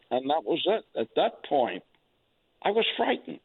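An older man recounting his wartime memories in an interview, speaking in a plain, halting way with pauses. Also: fairly high pitch, very animated, gravelly, husky. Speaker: veteran interviewee. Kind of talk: oral history interview. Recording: tinny phone-like line.

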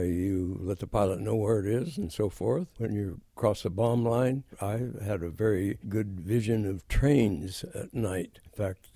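An older man in his nineties, a war veteran, telling stories in an interview, unhurried and halting with many fillers. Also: fairly low pitch, creaky, dark tone, dry recording, clean studio sound. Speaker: Korean War veteran guest. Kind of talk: interview storytelling.

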